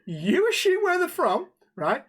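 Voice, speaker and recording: A man's voice: extremely high pitch, wildly swooping pitch, measured pace, a bit bright. A man hosting a podcast, teasing his co-host in casual, unfiltered banter and laughing often.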